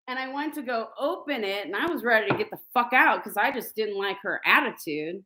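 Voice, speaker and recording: A woman's voice: fairly high pitch, animated, fairly quick, few pauses, bright, forceful tone. Blunt, profane woman telling stories. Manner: blunt and profane, laughing between lines; rambling with many fillers. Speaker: vlogger. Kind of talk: casual storytelling.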